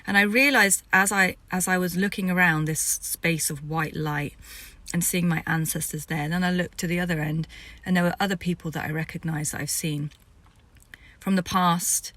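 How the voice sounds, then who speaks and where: A woman's voice: lowish voice, steady tone, moderate pace, a bit bright, dry recording. A woman, a spiritual vlogger, telling the story of a vision in a rambling way that sometimes drops to a whisper.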